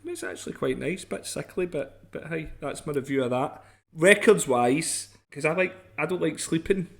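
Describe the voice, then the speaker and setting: A man's voice: on the high side, very animated, normal speed, creaky. A Scottish man chatting casually as a podcast co-host, rambling and self-deprecating. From Scotland. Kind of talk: casual chat.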